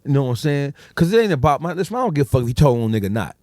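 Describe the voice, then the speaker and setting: Fast-talking man telling a story. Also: medium pitch, big pitch swings, a little mellow, no echo, clean studio sound. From Detroit, USA. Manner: profane, street slang, acts out quoted dialogue. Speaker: podcast guest. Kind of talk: casual storytelling.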